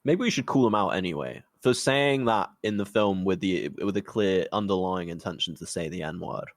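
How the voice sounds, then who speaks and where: A man co-hosting a podcast, delivering absurd jokes in a deadpan, mock-serious casual chat. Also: sits low, moderate pace, dry recording, clean studio sound. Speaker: podcast co-host.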